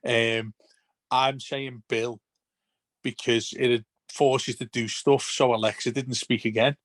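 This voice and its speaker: A man's voice: mid-range voice, flat delivery, unhurried, dry recording. A man chatting on a casual podcast, rambling and restarting his sentences. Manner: rambling, repeats words when starting sentences. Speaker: podcast guest.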